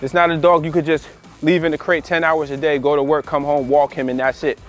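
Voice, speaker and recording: A man's voice: a little high, little pitch movement, brisk. A man working as a dog trainer, talking casually to the camera while training his dog, repeating phrases and tagging on "all right" and "you know" as he goes. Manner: gives short commands to his dog. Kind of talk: casual instructional talk to camera.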